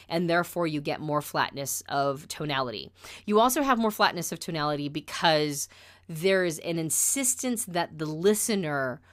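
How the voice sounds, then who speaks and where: A woman teaching about personality types in a casual, conversational lesson, turning flatter and more deliberate when she makes a point. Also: low-pitched.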